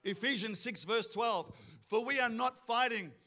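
Guy preaching hard, high pitched, bright sharp tone, keeps asking how many of you know. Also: a little slow. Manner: fervent preaching with call-and-response questions, acts out quoted voices. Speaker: pastor. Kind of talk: sermon.

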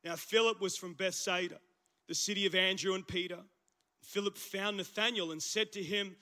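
A man with an Australian accent preaching a casual, animated sermon in church, his voice husky from the flu. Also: sits high, moderate pace. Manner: conversational, animated preaching with slang asides. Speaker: pastor. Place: church service.

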